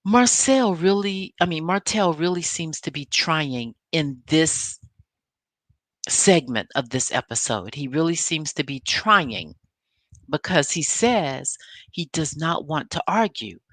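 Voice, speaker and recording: A woman's voice: low-pitched, expressive, slow, no room sound. A woman vlogger giving a casual, emphatic recap of a reality show episode, telling it like a story.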